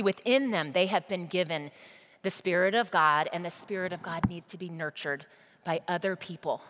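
A woman's voice: fairly low pitch, a bit bright. A woman preacher giving a sermon, telling a story emphatically and addressing the congregation directly. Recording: long reverb of a large hall.

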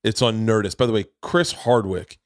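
A man hosts a loose podcast conversation. He rambles and stammers through restarts. His voice sits low, recorded close and dry. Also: normal speed, dry recording. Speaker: podcast host. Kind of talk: casual chat.

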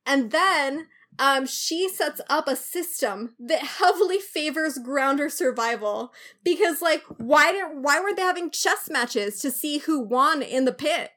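A woman's voice: high voice, animated, unhurried, bright, forceful tone. A woman co-hosting a podcast in casual chat, ranting animatedly with lots of fillers. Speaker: podcast co-host.

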